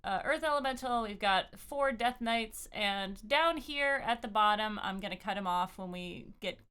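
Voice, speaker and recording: A woman's voice: mid-range voice, normal speed, bright, forceful tone, smooth. A woman hosting a live-streamed tabletop game as dungeon master, giggly and rambling, often stopping mid-sentence. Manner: giggly, rambling, self-interrupting.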